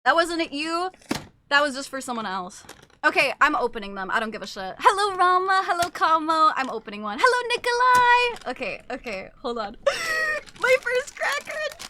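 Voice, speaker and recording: A young woman streamer chatting casually with her viewers, excitable and gushing, swearing freely. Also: high voice, brisk, noisy background. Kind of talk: casual live-stream chat.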